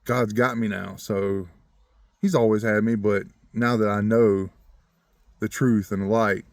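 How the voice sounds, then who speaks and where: Low-voiced man telling a rambling story. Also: unhurried, no echo, studio quality. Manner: rambling and earnest, chuckles often; grows more animated when talking about faith. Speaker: vlogger telling a personal story. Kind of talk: casual storytelling.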